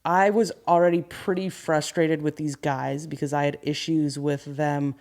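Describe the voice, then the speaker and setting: A woman's voice: low-pitched, moderate pace, few pauses. Woman in her thirties telling work stories. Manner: candid, animated storyteller. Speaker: guest, carpentry business owner. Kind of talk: casual podcast storytelling.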